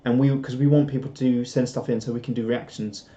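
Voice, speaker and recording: A man chatting loosely on a live stream, rambling and self-deprecating with lots of restarts. His voice is mellow and warm, in the middle of the male range. The audio is dull and lo-fi. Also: mid-range voice, steady tone, fairly quick. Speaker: live streamer reading viewer chat. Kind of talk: casual live-stream chat.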